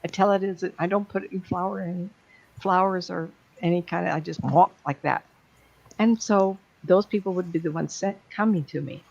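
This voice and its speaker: A woman's voice: on the low side, fairly even intonation, normal speed, creaky, darkish tone. A woman speaking as a psychic medium, giving a blunt, plain-spoken talk to an audience. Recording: dull lo-fi sound.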